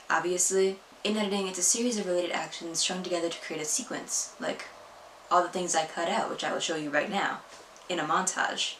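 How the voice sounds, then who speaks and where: A woman's voice: lowish voice, a bit bright, roomy sound, a little hiss or hum, poor audio. A young woman vlogging a casual editing tutorial at home, chatty and self-deprecating, filmed on a tripod camera. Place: home room.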